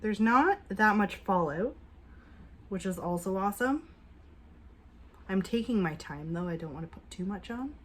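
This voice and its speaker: A woman vlogging a casual makeup review at home, chatty and upbeat, with hushed asides while she applies. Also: mid-range voice, animated, normal speed, pauses often. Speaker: beauty vlogger.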